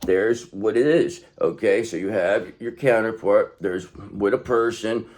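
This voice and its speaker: Doing a relaxed tarot reading, this man speaks unhurriedly but with streetwise, profane emphasis. His volume jumps from loud outbursts down to quiet asides.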